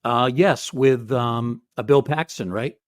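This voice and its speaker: A man co-hosting a podcast interview, talking in a measured, complimentary way. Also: mid-range voice, dry recording, studio quality. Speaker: podcast co-host. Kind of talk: casual interview chat.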